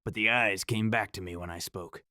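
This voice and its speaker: A man with a low voice reads a scripted first-person horror story. His delivery is dramatic and measured, and the recording is dry and close, with no room sound. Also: steady tone, sharp tone, dry recording.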